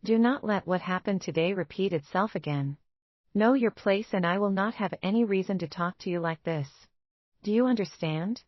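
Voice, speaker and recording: A man's voice: high voice, moderate pace, dry recording, dull audio, close to an everyday voice. A woman reading the part of a cold, angry young male executive who scolds his wife harshly. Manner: harsh, scornful, commanding.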